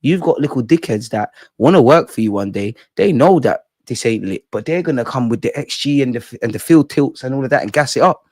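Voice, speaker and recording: A man's voice: mid-range voice, a little fast, few pauses, no room sound, clean studio sound. A young man, ranting and swearing in exasperation as a football fan channel host. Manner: animated, profane, exasperated ranting.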